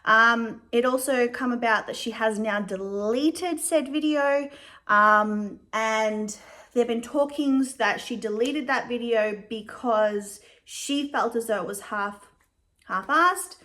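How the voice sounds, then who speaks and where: A young adult woman giving casual commentary as a vlogger, chatty and measured, with frequent fillers. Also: fairly high pitch, sharp tone.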